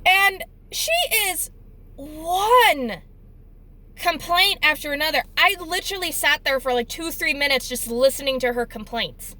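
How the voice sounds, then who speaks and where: Young woman venting a work story, high bright voice, kinda exasperated. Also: measured pace, poor audio. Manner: chatty, exasperated retelling. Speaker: deli worker telling a story. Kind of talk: casual storytime vlog.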